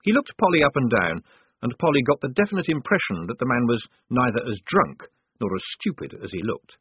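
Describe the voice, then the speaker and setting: A man's voice: mid-range voice, very animated, fairly quick, slightly rough, no room sound. A man narrating an audiobook in a dry, wry storytelling manner. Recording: tinny phone-like dry sound.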